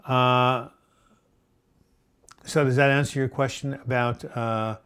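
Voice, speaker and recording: A middle-aged man hosting a live chat, reading viewer comments aloud and answering them with gentle advice, full of fillers and restarts. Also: mid-range voice, fairly even intonation, takes it slowly, clean tone. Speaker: host answering viewer questions.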